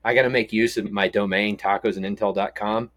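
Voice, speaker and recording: A middle-aged man from Texas with a very low, deep voice, chatting loosely on a podcast. He rambles through stories with a joking, easygoing manner, and his voice sounds close and dry with no room echo. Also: steady tone, brisk, a bit bright. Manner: rambling, storytelling, jokey. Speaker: podcast co-host. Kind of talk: casual podcast chat.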